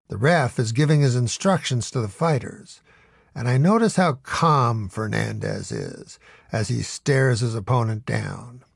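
A man's voice: medium pitch, vocal fry, no echo, clean studio sound. A man narrating a first-person audiobook story in a wry, storytelling manner.

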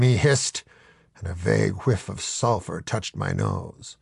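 Deadpan comic audiobook narrator, man, gravelly voice, lively pitch swings. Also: takes it slowly, no echo, clean studio sound.

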